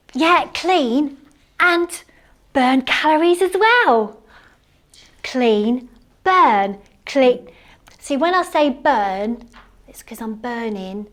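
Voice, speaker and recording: A woman playing a chatty, cleaning-obsessed housewife in a live one-woman comedy monologue, gushing and excitable, full of rambling asides. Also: a little high. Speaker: stage comedy performer. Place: theatre stage.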